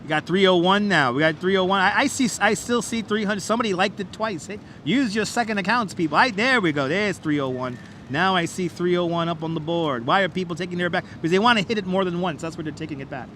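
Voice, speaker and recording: A man keeps up a chatty, repetitive auctioneer patter while walking a city bridge on a live stream. His voice sits high and sounds bright and forceful. A wireless clip-on mic picks him up outdoors with faint traffic noise behind. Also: fast. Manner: auctioneer-style hyping of like counts; playful, repetitive, chatty with viewers. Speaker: livestream host. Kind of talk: live walking-tour commentary.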